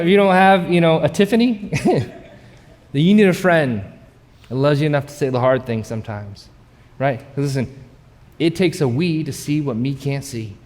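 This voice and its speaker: Pastor, male, middle-aged; lively casual sermon delivery, high voice, big church hall reverb. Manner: energetic, conversational preaching with shouted asides. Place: large church auditorium.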